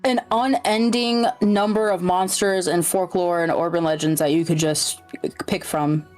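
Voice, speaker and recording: A woman chatting casually as a podcast guest, agreeable and quick to laugh. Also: lowish voice, soft background music. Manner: laughs easily, agreeable, relaxed. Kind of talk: casual chat.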